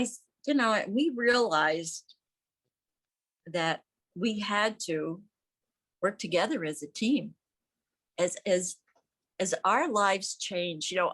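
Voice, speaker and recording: An older woman, a veteran's widow, telling stories emphatically in an interview and acting out the people she quotes. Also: fairly low pitch. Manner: emphatic, animated, acts out quoted voices. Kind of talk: conversational storytelling. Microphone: remote audio call.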